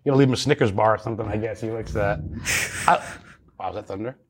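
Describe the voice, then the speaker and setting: A man's voice: on the low side, fast, crowd noise. A man talking as a paranormal investigator guest in a casual interview, chatty and rambling with many restarts.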